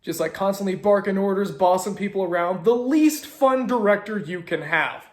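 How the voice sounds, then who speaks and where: Animated young man, high voice, echoey room. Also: normal speed. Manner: animated, sarcastic asides. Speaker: storytelling video host. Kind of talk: casual storytelling narration.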